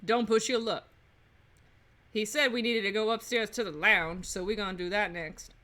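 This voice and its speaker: A woman's voice: medium pitch, fairly even intonation, normal speed, pushed and bright. A woman giving joking, playful commentary while playing a video game. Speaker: let's play host. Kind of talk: casual gameplay commentary.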